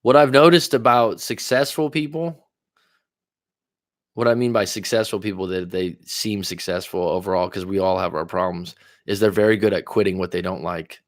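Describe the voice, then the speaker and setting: A man's voice: sits low, steady tone, no echo, studio quality. A man coaching on relationships in a casual livestream, reading viewer comments aloud and answering with pointed questions, sometimes tripping over his words. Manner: admits talking fast after coffee, some stutters. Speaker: life coach and livestream host.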